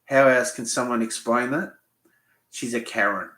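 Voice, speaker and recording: A man's voice: mid-range voice, fairly even intonation, normal speed, a bit bright, echoey room. An Australian man hosting a live Q&A, rambling and swearing as he tells a story bluntly. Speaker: fishing channel host. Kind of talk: live Q&A chat.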